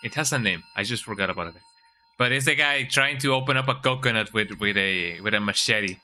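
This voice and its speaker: A man's voice: fairly low pitch, brisk, bright, forceful tone, slight background noise. A man, streaming a horror game and rambling through crude jokes as he thinks aloud. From Mexico. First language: Spanish. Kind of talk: live game commentary.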